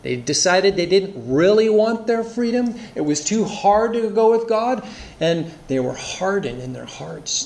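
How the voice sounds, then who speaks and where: A man's voice: on the high side, a little mellow. A man preaching an earnest expository sermon, reading scripture aloud and explaining it. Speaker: pastor.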